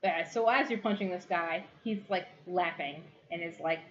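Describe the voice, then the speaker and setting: A woman's voice: lowish voice, steady tone, brisk, hardly any pauses. A woman narrating as game master of a tabletop game, giggly and rambling with many fillers, on a dull lo-fi recording.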